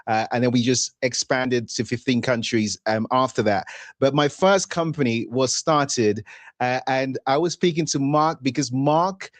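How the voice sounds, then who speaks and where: A man's voice: mid-range voice, unhurried, no room sound. A man hosting an interview show, chatting and asking questions in a loose, conversational way. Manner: chatty, with frequent fillers and restarts. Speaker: host and entrepreneur.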